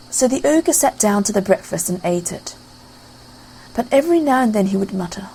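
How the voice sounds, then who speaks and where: Breathy woman telling a fairy tale. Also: mid-range voice, brisk, rough recording. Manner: lively read-aloud storytelling. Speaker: narrator. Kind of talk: storybook narration.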